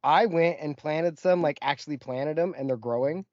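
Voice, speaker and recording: Male podcast co-host, animated storyteller, slightly high voice, dry lo-fi sound. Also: normal speed, dry recording. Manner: animated storyteller, acts out quotes. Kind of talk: casual storytelling chat.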